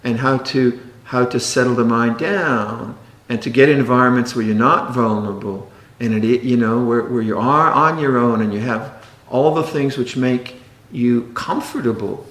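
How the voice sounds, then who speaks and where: A man's voice: mid-range voice, normal speed, fairly bright tone. Man giving a playful, roomy-sounding dharma talk. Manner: playful, laughing, mimics precious meditators. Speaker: meditation teacher.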